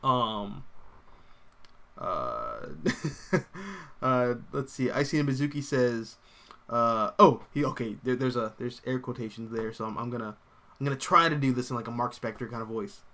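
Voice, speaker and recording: A man's voice: mid-range voice, normal speed. A young man hosting a casual comics livestream, rambling animatedly and reading viewer comments aloud. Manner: rambling and animated, full of fillers and laughs.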